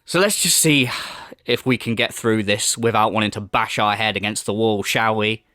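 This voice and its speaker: A man's voice: fairly low pitch, moderate pace, no echo, studio quality. A man hosting a commentary video, sarcastic and swearing, mocking what he reacts to. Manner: sarcastic, swears a lot, lively mocking impressions.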